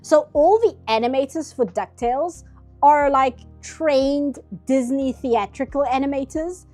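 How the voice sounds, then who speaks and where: A woman's voice: sits high, measured pace, dark tone, faint music behind. A woman with a South African accent chatting casually and eagerly on a live art stream from her home office, often laughing. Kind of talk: casual chat while drawing.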